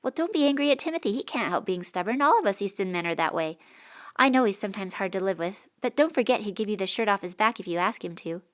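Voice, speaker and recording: A woman's voice: mid-range voice, expressive, fast, lightly acted. A woman voicing an eager thirteen-year-old boy who pleads earnestly, in a storybook reading. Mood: pleading.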